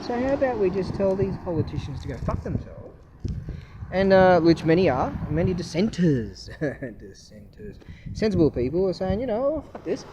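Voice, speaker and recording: Man vlogger, slightly high voice, scornful profane rambling rant, loud vehicle noise behind. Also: very animated, moderate pace, dull audio. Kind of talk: casual political rant.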